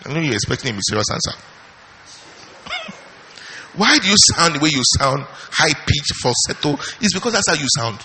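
Emphatic preacher in a reverberant hall. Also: male voice, on the high side, lively intonation, moderate pace, bright, forceful tone. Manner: emphatic, repeats key phrases, asks and answers his own questions. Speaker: pastor. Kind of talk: sermon.

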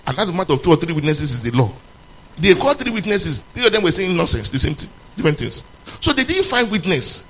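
A man preaching a sermon to a congregation, moving between loud, emphatic questions and low, quiet passages. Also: sing-song, quick pace, poor audio.

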